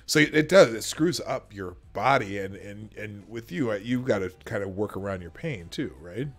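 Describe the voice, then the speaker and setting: A man's voice: fairly low pitch, lively intonation, moderate pace. A man hosting a livestream, chatting casually and rambling with many restarts. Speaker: host.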